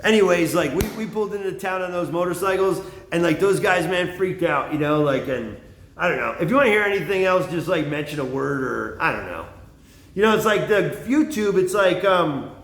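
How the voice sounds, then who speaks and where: A man with a fairly high, somewhat bright voice vlogs in an animated way at normal speed. His monologue is casual and rambling, full of fillers and frequent swearing, and the recording has a roomy echo with faint ambience.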